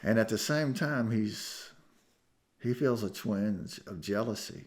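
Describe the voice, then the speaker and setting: A man preaching a sermon, telling a story with emotion and swinging from hushed tones to loud climaxes. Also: on the low side, lively intonation, slow. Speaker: pastor. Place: church sanctuary.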